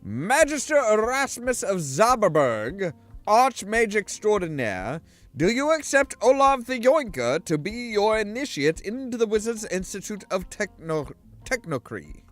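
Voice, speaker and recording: A man's voice: high voice, very animated, a little slow, soft background music. A man voicing an ardent, formal male council wizard, ceremonious and firm.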